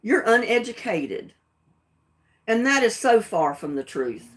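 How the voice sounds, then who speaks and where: A woman's voice: fairly high pitch, very animated, a little slow, slight background noise. A middle-aged woman with a Southern US accent, talking plainly and defiantly on her own livestream. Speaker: livestream host. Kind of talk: casual livestream talk.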